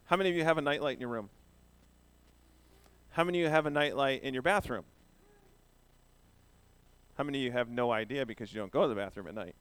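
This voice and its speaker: A man's voice: mid-range voice, quick pace, pauses often, fairly bright tone, clear, resonant tone, dry recording. A man giving a children's sermon, playful and asking the children questions as he talks. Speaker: pastor giving a children's message.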